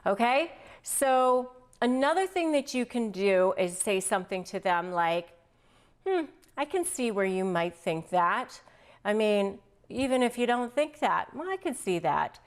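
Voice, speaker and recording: A woman's voice: medium pitch, a little slow. A woman hosting an advice video, speaking straight to the viewer and acting out sample replies in quotes. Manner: animated, acts out sample lines in quotes. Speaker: family law attorney and video host. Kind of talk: direct-to-camera advice talk.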